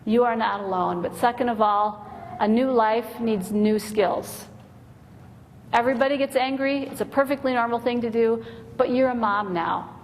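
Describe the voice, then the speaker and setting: A woman with a slightly high voice delivers a Christian talk to mothers, mixing jokes and heartfelt stories. Her voice rings out in a large hall with a long reverb. A faint noise sits under the recording. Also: normal speed. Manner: storytelling, comic timing, earnest. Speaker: Christian women's speaker. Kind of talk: humorous inspirational talk.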